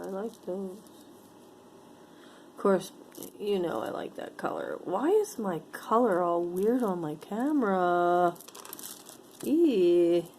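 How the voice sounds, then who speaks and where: A woman's voice: mid-range voice, a little mellow, a little hiss or hum. A woman chatting casually to her camera as she sorts through jewelry, musing aloud and easily delighted by each piece. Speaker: vlogger sorting jewelry for sale. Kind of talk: casual show-and-tell chat.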